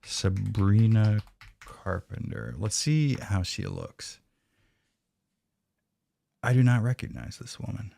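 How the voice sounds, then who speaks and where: A man's voice: mid-range voice, takes it slowly, creaky, long pauses, darkish tone, no room sound. A man streaming a retro video game live, chatting casually with profane, sarcastic banter. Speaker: streamer playing a retro game and reading chat.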